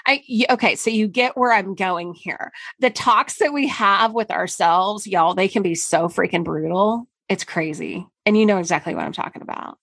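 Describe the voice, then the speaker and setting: A woman's voice: medium pitch, normal speed, few pauses, a bit bright, no echo. A middle-aged woman hosting a casual solo podcast, talking candidly and emphatically, with mild swearing. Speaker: podcast host and marketing consultant.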